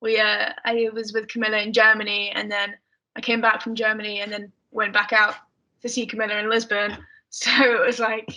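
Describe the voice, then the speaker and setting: A woman's voice: medium pitch, flat delivery, a little fast, pushed and bright, low-quality recording. A young woman with an English accent, chatting casually as a podcast guest, mumbly with lots of fillers. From England. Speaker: guest athlete.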